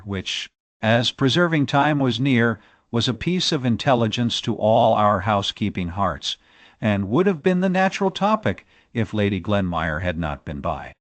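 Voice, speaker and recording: Male audiobook narrator, classic novel, lively pitch, dry close sound. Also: dry recording.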